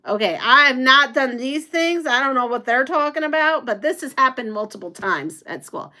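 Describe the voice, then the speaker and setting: A woman's voice: high voice, lively intonation, moderate pace, bright, forceful tone. A middle-aged woman hosting a quilting channel, chatting casually at home while sewing and reading viewer comments aloud.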